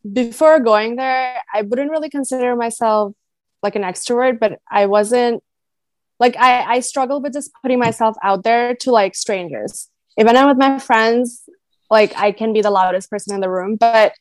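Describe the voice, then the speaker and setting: A woman's voice: fairly high pitch, no echo. A young American woman, a podcast guest, chatting casually and often laughing and acting out what people said. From United States (Michigan). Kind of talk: casual interview chat.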